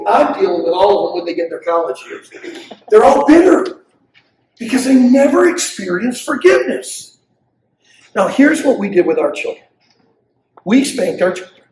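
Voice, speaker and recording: High-pitched, lively older man preaching. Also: echoey room, distant mic, slight background noise, rough recording. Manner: animated preacher who acts out quotes of kids and parents. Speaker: pastor leading a parenting session. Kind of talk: church teaching talk. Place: church hall.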